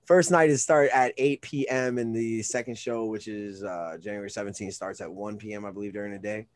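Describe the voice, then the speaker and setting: A man's voice: fairly low pitch, fairly even intonation, brisk. A man hosting a podcast, joking around and reading sponsor plugs in a casual chat. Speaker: podcast host.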